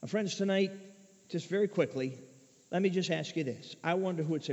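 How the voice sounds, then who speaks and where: Male preacher, high voice, quiet then yelling, muffled reverb-y church sound. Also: moderate pace. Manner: swings from hushed to shouting. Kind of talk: sermon. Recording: muffled echoey hall recording.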